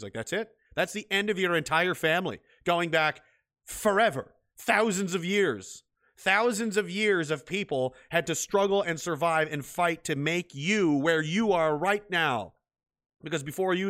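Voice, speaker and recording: A man's voice: a little high, sharp tone. A man delivering a bitter, profane solo rant as a vlogger, repeating himself as he goes. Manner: profane, repetitive, bitter and heated. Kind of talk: ranting solo monologue.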